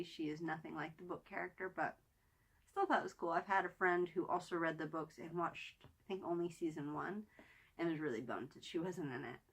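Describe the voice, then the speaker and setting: A woman's fairly low, sharp voice with a breathy edge carries her casual weekly TV review vlog. She talks eagerly and wanders, with fillers and restarts, now and then dropping to near a whisper.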